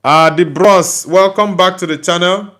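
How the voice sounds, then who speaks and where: A man's voice: sits high, steady tone, unhurried, fairly bright tone. A Nigerian man, a native Igbo speaker, hosting a casual livestream and chattily answering viewer comments he reads aloud. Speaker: host.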